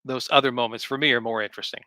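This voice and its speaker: A man's voice: mid-range voice, fairly even intonation, very fast, bright, forceful tone, dry recording. A man, a comics writer, talking easily as a guest in a casual interview, thinking aloud as he goes. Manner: easygoing, thinks aloud with ums.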